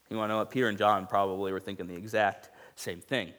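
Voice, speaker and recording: A man's voice: racing, few pauses. A young adult man preaching a sermon, telling stories and acting out quoted lines with big jumps in his voice. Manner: animated storytelling, acts out quotes with big pitch jumps. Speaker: pastor.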